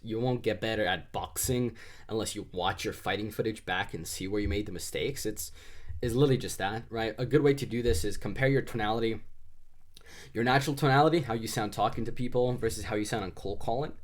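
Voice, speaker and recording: A man giving loose, conversational cold-calling advice, full of fillers and restarts, sounding slightly congested. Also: lowish voice. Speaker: sales trainer. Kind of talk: casual instructional talk.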